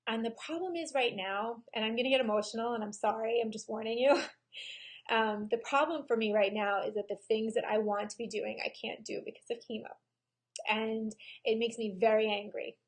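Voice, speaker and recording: A woman photographer speaking candidly and emotionally in a personal video diary, pausing often with "um". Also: a little high. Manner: frank and emotional, with frequent pauses and "um"s. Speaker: photographer and vlogger.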